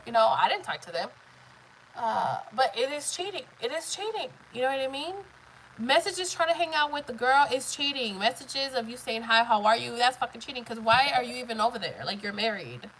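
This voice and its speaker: A woman's voice: on the high side, lively intonation, a little fast, a bit bright, slight background noise, poor audio. A woman in her thirties chatting casually on a live stream, blunt, profane and emphatic as she tells her story.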